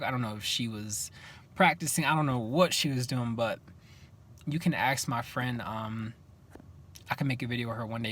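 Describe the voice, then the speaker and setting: A young man vlogging, telling stories in a casual, animated way and acting out what each person said. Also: medium pitch. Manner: animated, acts out what people said. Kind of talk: casual storytelling to camera.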